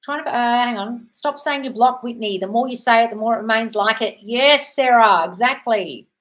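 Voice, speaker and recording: A woman's voice: fairly high pitch, moderate pace, fairly bright tone. Blunt, sweary woman. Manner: blunt, sweary, calls viewers darling. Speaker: manifesting coach answering live chat questions. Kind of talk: casual live-stream Q&A.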